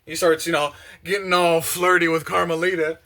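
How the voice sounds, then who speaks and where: A young man chatting casually and excitedly, full of slang and fillers, while doing the dishes in his kitchen. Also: a little high, moderate pace, noisy background. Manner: excited, slangy, many fillers, acts out quotes. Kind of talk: casual rambling monologue. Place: home kitchen with open windows.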